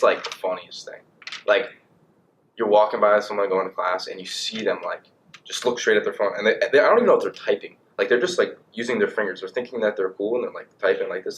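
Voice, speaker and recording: A man's voice: fairly low pitch, a little hiss or hum. Young man rambling casually to camera. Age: young adult. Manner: rambling, animated, lots of fillers. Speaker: vlogger.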